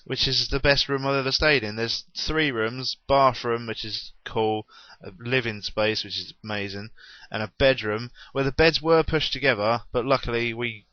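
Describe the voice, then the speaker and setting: A man's voice: mid-range voice, fairly even intonation, normal speed, few pauses, dry recording. A young man rambles through an unplanned gaming vlog, joking at his own expense and piling on exaggerations. His voice sits in a middling register. The recording is dry and a little dull, like a basic home mic. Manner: rambling, self-deprecating, exaggerating. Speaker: gaming vlogger.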